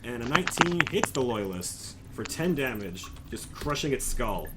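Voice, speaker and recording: A man's voice: medium pitch, very animated, normal speed, heavy background noise. A man narrating as game master of a tabletop game in casual chat, often chuckling and restarting his sentences.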